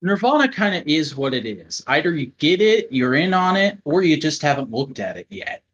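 A man hosting a casual podcast, talking loosely with plenty of swearing. His pitch swings widely and stays animated. The recording has a dull, lo-fi sound. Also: normal speed, a little hiss or hum. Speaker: podcast host.

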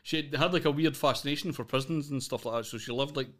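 A man's voice: mid-range voice, quick pace, a bit bright. A man hosting a casual chat, reacting to his guest with stammering restarts.

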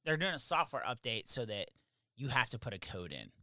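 Animated, swearing man in casual chat. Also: medium pitch, brisk, no echo, studio quality. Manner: animated storyteller, swears, mimics family in shouted bursts. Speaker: podcast co-host.

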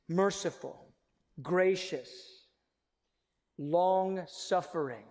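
A male pastor preaching a sermon in a church, animated, swinging between loud emphasis and near-whispers. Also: high-pitched, unhurried. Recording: long reverb of a large hall.

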